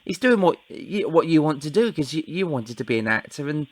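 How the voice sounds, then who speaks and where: A man hosting a casual interview, asking enthusiastic, leading questions and agreeing warmly. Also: on the high side, big pitch swings, brisk, dry recording. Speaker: interview host.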